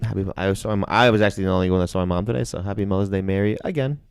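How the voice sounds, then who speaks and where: A man's voice: sits low, very fast, creaky, clean tone, no echo, studio quality. A man co-hosting a podcast, rambling and self-mocking with plenty of swearing. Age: 30s. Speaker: podcast co-host. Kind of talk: casual podcast chat.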